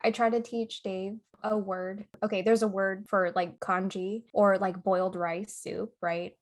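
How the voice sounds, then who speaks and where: A woman's voice: mid-range voice, little pitch movement, unhurried. A young adult woman co-hosting a podcast in casual chat, laughing often and tagging her points with "right?" and "okay?". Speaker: podcast co-host.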